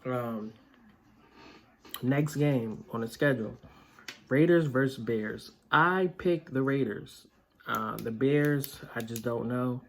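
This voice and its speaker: A man's voice: medium pitch, takes it slowly, gravelly. A man hosting a casual sports picks vlog, blunt and opinionated, with plenty of filler words. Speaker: vlog host.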